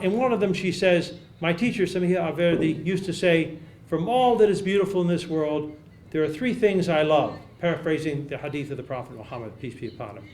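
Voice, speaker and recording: A man delivers a measured academic lecture, pausing to repeat key phrases and quoting sources with care. His voice sits a little high. The sound carries the echo of a large lecture hall. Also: a little mellow. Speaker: academic speaker. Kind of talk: conference lecture.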